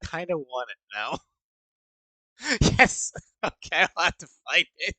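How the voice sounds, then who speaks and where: A man's voice: on the high side, expressive, a little slow, bright, forceful tone, no room sound, rough recording. A man streamer reacting to a video with loose, joking asides. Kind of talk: casual reaction commentary.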